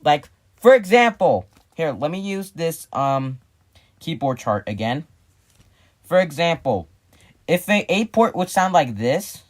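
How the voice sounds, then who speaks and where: A man's voice: fairly high pitch, big pitch swings, unhurried. A man in a casual vlog, explaining a hobby build in a rambling way, restarting and correcting himself as he works on it. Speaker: hobbyist vlogger.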